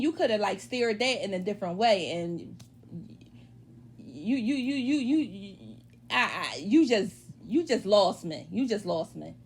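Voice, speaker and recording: Woman vlogger, frank reality TV recap, slightly high voice. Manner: animated, opinionated, frank. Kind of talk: casual recap chat.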